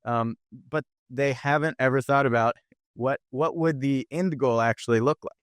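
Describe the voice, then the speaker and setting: Man, podcast guest, smooth resonant voice, dry close sound, earnest explanatory talk. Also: mid-range voice, moderate pace, no echo. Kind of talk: conversational interview.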